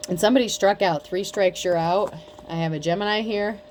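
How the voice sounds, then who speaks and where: A woman's voice: mid-range voice, fairly quick, a little mellow, a little hiss or hum. A woman giving a casual tarot reading, talking bluntly with lots of swearing and mockery. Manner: blunt, profane, mocking. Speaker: tarot reader.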